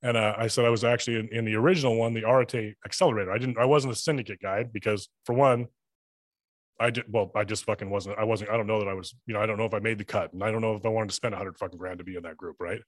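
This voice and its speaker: Fast-talking, cussing salesman guest. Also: lowish voice, steady tone, no echo. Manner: profane, rambling anecdotes with acted-out dialogue. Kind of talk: casual storytelling chat.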